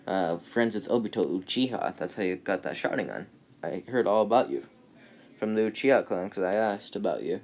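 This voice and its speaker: Man doing a calm boy ninja, low voice, matter-of-fact, halting, fan retelling.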